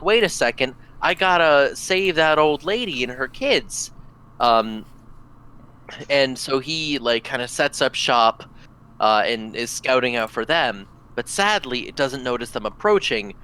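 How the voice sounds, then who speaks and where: A man's voice: medium pitch, pushed and bright, clear, resonant tone. A man hosting a tabletop podcast, recapping the last session in a rambling, filler-heavy way. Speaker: podcast host reading a recap. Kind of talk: casual recap narration.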